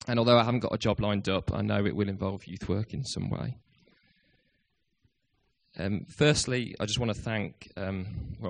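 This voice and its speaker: A man in his thirties, a youth worker, giving a hesitant, self-deprecating farewell speech in church with many ums. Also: lowish voice.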